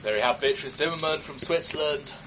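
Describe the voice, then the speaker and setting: A man's voice: fairly high pitch, fairly quick, background noise. Man commentating a ski race. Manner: chatty and joking, rising to excited shouts at crashes. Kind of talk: live sports commentary. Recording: dull broadcast audio with crowd behind.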